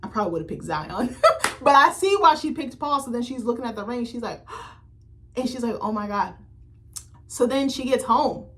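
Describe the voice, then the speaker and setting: A young adult woman chatting casually on her vlog, animated and slangy, swearing freely and rambling off on tangents. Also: a little high, normal speed, pauses often, a little hiss or hum. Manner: rambling, self-interrupting. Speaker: YouTuber reviewing a TV series. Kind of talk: casual chat.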